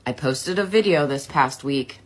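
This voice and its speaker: A woman's voice: a bass voice, unhurried, voice pushed down. A woman putting on the voice of a smug, defensive woman who got caught posting a cruel video.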